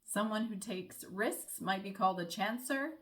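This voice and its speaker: A woman's voice: mid-range voice, moderate pace, a bit bright. Young American woman, vlogger, friendly, chatty explainer, mid-range voice. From United States. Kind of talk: casual explainer vlog.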